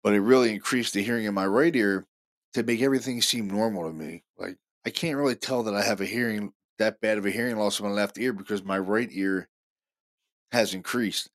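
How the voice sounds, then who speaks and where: A man hosting a paranormal show, telling stories casually in an excited, rambling way full of fillers and restarts. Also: fairly low pitch, fairly quick. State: deaf in left ear. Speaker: paranormal podcast host. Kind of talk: casual storytelling monologue.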